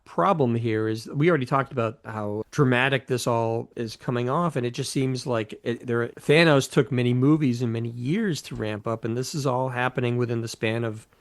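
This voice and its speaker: Hesitant man in casual film chat. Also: mid-range voice. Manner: hesitant, restarts often, measured. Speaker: podcast guest.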